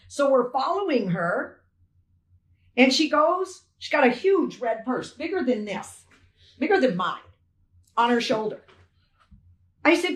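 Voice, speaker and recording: A woman's voice: high voice, expressive, normal speed, roomy sound. An older woman giving emotional testimony as a poll challenger, telling her story with animation and acting out exchanges.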